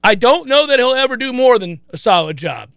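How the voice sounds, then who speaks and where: A sports talk host, a man, riffs animatedly in a casual, rambling way and often starts sentences over. His voice sits high with a gravelly edge and a bright, forceful tone, recorded dry and close. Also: a little fast, no room sound. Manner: animated, chatty, frequent restarts.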